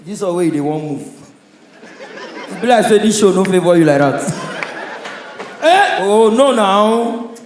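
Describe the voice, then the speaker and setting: A Nigerian man delivers stand-up comedy on stage, his voice sitting high and carrying loudly through the room. His stories come in punchy bursts, and a strong hall echo surrounds every line. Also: big pitch swings, takes it slowly, long pauses, a faint crowd, a little hiss or hum. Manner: loud, punchy storytelling with audience laughter. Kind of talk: stand-up comedy in Pidgin English. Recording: echoey live hall sound.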